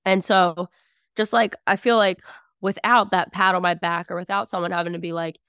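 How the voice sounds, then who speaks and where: A young woman talking casually as a podcast guest, outspoken and animated, telling stories with lots of fillers. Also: on the low side, moderate pace, smooth, no room sound, clean studio sound. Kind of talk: casual conversation.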